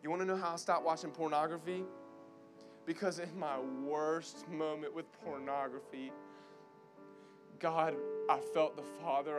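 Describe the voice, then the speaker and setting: A man's voice: on the high side, level tone, moderate pace, music in the background. A young man preaching a sermon to college students with an urgent, fervent delivery that repeats key lines. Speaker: guest preacher.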